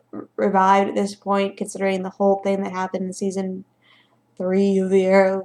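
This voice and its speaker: A young woman vlogging her reaction, rambling and fretful, now and then dropping into whispered asides. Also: medium pitch. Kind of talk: casual reaction vlog.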